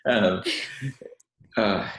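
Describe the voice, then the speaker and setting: A man's voice: drawn-out words, a bit bright, lo-fi sound. A male teacher co-hosting a casual book chat from his office, rambling along with lots of fillers and self-corrections. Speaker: podcast co-host and teacher. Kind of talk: casual chat about books. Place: his office, echoing room. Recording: echoey office room.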